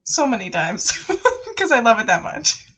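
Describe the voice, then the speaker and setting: A woman's voice: fairly high pitch, big pitch swings, slow pace, a bit bright, breathy edge. A young adult woman co-hosting a casual morning show, upbeat and laughing often. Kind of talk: casual chat.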